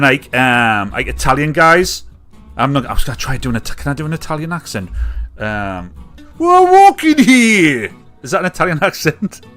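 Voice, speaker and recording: A British man hosting a live comedy stream, ranting casually with jokes and loud mimicked honks. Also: medium pitch. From United Kingdom. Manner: chatty, jokey, mimics catcallers with loud honks and whoops. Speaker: livestream comedy show host.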